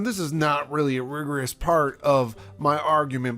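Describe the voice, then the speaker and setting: A man's voice: a little high, moderate pace, hardly any pauses, fairly bright tone. A man teaching calculus in a playful, chatty way, speaking straight to the viewer. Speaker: math teacher. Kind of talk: casual math lesson explained through a courtroom story.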